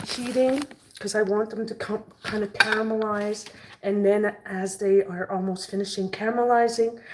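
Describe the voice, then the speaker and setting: A woman's voice: medium pitch, a little hiss or hum. A woman chatting and joking with her viewers while she cooks in her kitchen. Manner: chatty, jokey, talks to viewers while cooking. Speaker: vlogger cooking on camera. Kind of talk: chatty cooking vlog.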